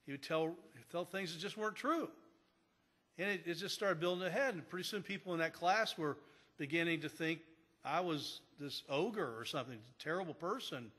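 A man's voice: fairly high pitch, moderate pace, fairly bright tone, slightly rough. A man preaching a sermon as pastor, telling stories in a conversational way with frequent restarts. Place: church sanctuary. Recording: long church hall reverb.

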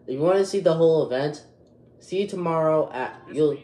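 A man's voice: a little high, brisk, dark tone, reverberant. A twelve-year-old boy hosting a casual vlog, agitated and rambling with many restarts. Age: 12 years old. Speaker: youtube channel host.

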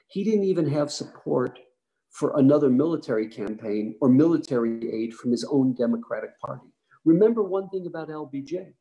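A man, a rabbi, giving a history lecture with animated storytelling, emphatic and asking the audience questions. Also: fairly high pitch, poor audio.

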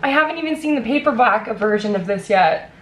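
A young adult woman vlogging as an author, gushing and breathless with excitement as she talks and reads aloud. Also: mid-range voice, fairly quick, slight background noise. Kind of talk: excited vlog unboxing and reading aloud.

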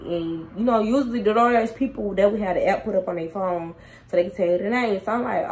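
A young woman casually telling a storytime to her viewers, animated and slangy, talking straight to them. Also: mid-range voice, brisk, poor audio. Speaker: storytime vlogger.

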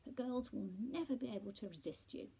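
A woman reading aloud, voicing a posh male Persian cat who talks in a hearty, confiding way, with a husky, gravelly voice. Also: on the high side, lively intonation, a little fast, warm tone, pitched above the performer's own voice, full character voice. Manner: hearty, confiding, posh old-boy talk.

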